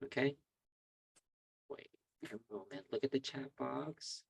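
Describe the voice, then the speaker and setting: A man with a slightly husky voice leads an online English class, calling on students by name and repeating words slowly so they can copy them. The sound is dry and close to the mic, as on a video call. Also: mid-range voice, no room sound, poor audio. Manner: patient, drills words slowly for pronunciation. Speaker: English teacher. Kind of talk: online language lesson.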